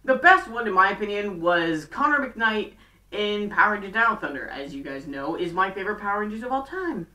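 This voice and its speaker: A woman casually recapping a TV show, rambling and talking in quick bursts full of fillers. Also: mid-range voice, animated, sharp tone. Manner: chatty and rambling, fast bursts, many fillers. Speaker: fan video recapper. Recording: roomy, distant from mic.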